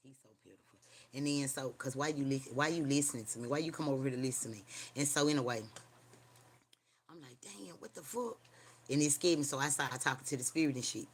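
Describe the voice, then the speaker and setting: The host talks at a quick pace in a mid-range, fairly even voice, with slight background noise. Rambling casually from home with slang and swearing, they combine a spooky story of their own with street preaching and keep checking "you hear me?"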